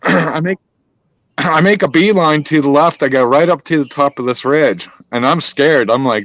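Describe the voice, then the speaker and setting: A man's voice: mid-range voice, normal speed, fairly bright tone, no echo. A man casually telling a long hunting story, rambling and swearing, with many restarts. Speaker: storyteller host. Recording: dry, dull lo-fi sound.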